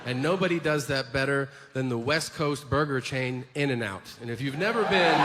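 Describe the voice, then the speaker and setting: A man doing a ranting stand-up bit, acting out voices of fast food workers. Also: a little high, in a large hall, noisy background. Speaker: stand-up comedian. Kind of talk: stand-up comedy set.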